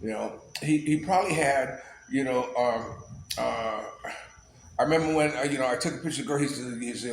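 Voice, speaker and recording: A man's voice: medium pitch, a little fast. A man vlogging in a loose, rambling storytelling style, laughing often and filling his talk with "you know.". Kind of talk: casual storytelling monologue. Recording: echoey room, faint background noise.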